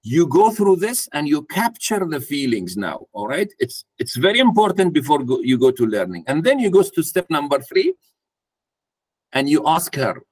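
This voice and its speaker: Somewhat mellow and mid-range, a man's voice carries through an interactive workshop talk at a mentoring event. Before a live audience, he puts questions to the room and performs a parent talking to a child.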